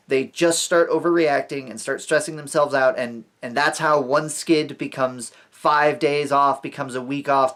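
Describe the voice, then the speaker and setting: A man's voice: mid-range voice, fairly bright tone. A man who teaches talks in a casual vlog monologue, rambling and reassuring, often stammering on repeated words. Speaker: vlogger and teacher.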